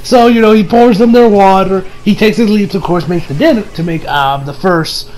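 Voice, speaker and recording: High-voiced man rambling through a review. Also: moderate pace, darkish tone, a little hiss or hum, poor audio. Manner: rambling, laughs often, many restarts. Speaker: anime reviewer. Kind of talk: casual episode review.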